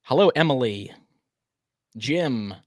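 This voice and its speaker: A man hosting a casual live stream, speaking at an ordinary middle pitch. His voice is dry and close, with no room sound. He is chatty and keeps greeting viewers by name, now and then stumbling over a word. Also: lively intonation, slow pace, dry recording. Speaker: livestream co-host.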